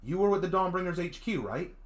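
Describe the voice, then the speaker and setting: A man's voice: high voice, expressive, brisk, pitched above the performer's own voice. A man voicing a polite, earnest young man who stammers as he tries to reassure, in a visual novel reading. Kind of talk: visual novel read-aloud.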